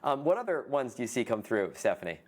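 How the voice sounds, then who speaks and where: A man co-hosting a live online coaching workshop, talking in a relaxed way with lots of "uh" and "um". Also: mid-range voice, fast. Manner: relaxed, many "uh" and "um" fillers. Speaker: co-host of a business coaching webinar.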